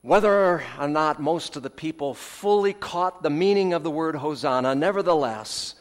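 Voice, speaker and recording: A man preaching a sermon in a measured way, his phrases swelling with emphasis and then falling away at the ends. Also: a little high, in a large hall. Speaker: pastor.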